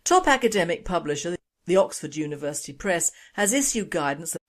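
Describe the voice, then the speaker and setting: A woman's voice: on the low side, sing-song, fairly quick, over loud music. A woman hosting a radio opinion news show, scornful and sardonic. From Britain.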